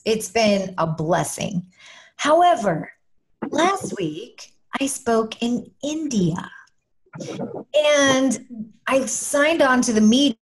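A woman from Kansas with a Kansas accent, an animated and playful storyteller chatting as a guest in an interview. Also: medium pitch. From Kansas, USA. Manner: animated storyteller, playful, bursts into sing-song. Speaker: guest, motivational speaker. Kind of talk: casual interview chat.

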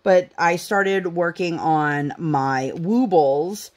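A woman's voice: fairly low pitch, very slow, a little mellow. Chatty young woman crafting at home. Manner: chatty and rambling, many "like" fillers. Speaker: craft channel host. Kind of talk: casual chat while crafting.

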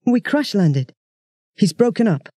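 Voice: mid-range voice, sing-song, measured pace, dark tone, dry recording, clean studio sound, pitched above the performer's own voice. A reader voicing a frightened young boy in a storybook audiobook, raised and urgent.

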